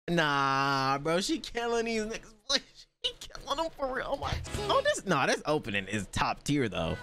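A man's voice: a little high, wildly swooping pitch, moderate pace, few pauses, bright, forceful tone, faint music behind. A man hosting an anime reaction video, talking back to the screen with lots of laughter and profanity.

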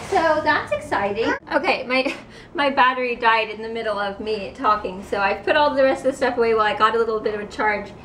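A young woman talks through her groceries in a bright, chatty, upbeat way. Her voice sits high. She is picked up from a distance in a roomy kitchen with steady background noise. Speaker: vlogger. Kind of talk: casual chat. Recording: roomy, distant camera mic.

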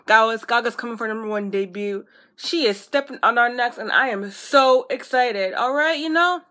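A woman vlogging as an excited fan, gushing breathlessly and repeating herself. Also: fairly high pitch, moderate pace.

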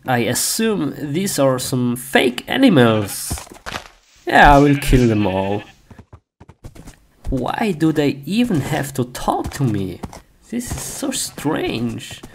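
A man playing Steve, slow and giggly. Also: medium pitch, a little hiss or hum. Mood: grumbling. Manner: chatty, giggly, narrates each step. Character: Steve, cheerful blocky game hero, young man. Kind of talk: comic skit.

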